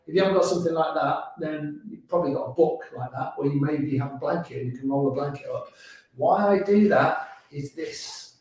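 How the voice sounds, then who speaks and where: A man's voice: on the high side, darkish tone. A man guiding a beginners yoga class, chatty and encouraging, with little laughs. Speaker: yoga instructor. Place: yoga studio. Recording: roomy studio echo.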